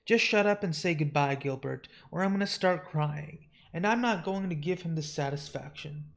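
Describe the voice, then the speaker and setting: A man's voice: fairly high pitch, moderate pace, vocal fry. A man voicing a blunt, impatient young woman in a raised voice. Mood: tearful.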